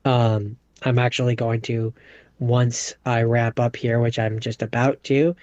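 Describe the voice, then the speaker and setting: Relaxed man with dull dry sound. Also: medium pitch, a little slow, dry recording. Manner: relaxed, reads out facts with fillers. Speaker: podcast co-host. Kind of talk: casual chat.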